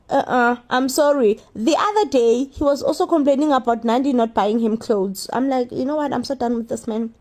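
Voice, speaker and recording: A woman giving an animated, opinionated recap of a reality show, often repeating herself in exasperation. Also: sits high, moderate pace, hardly any pauses. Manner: animated, repetitive, exasperated commentary.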